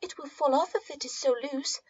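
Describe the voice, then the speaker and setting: A woman's voice: high voice, a little fast, no echo, voice pushed up, natural voice. A woman voicing a vain, easily flustered young girl who protests eagerly in a storybook reading. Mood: anxious. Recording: dull, muffled audio.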